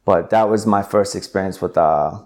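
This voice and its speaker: Brief: young man, low voice, animated storyteller, lots of "like" and "um". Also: moderate pace. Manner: animated retelling with filler words. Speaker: interview guest. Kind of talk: conversational storytelling.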